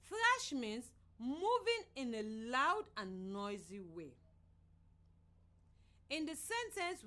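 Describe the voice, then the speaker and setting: Slow, lively woman radio teacher. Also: fairly high pitch. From Sierra Leone. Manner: slow, clear, sing-song teaching voice. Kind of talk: scripted radio lesson for children.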